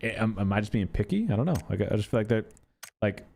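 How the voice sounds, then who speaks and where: Animated male gamer ranting casually. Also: on the low side, fast, creaky. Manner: animated, exasperated ranting with profanity. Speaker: gaming content creator. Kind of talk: casual game commentary.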